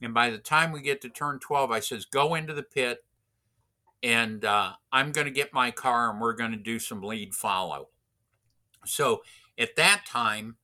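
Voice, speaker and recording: A man's voice: medium pitch, sharp tone. A man casually telling a racing story, rambling with many restarts and fillers. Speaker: racing driver instructor.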